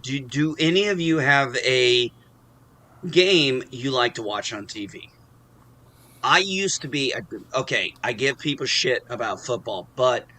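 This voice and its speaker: A man's voice: medium pitch, sharp tone. A man hosting a casual live stream chat, rambling and cursing freely. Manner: swears freely, rambling, self-deprecating. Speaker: host.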